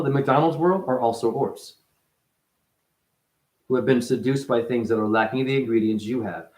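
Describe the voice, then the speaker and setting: Rambling, profane man in an echoey room. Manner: profane, rambling, jumps in pitch. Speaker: spiritual teacher. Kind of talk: rambling spiritual monologue.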